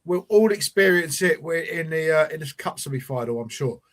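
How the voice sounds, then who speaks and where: A man's voice: on the high side, lively intonation, brisk, a bit bright. A man hosting a casual football fan podcast, rambling and teasing his co-host.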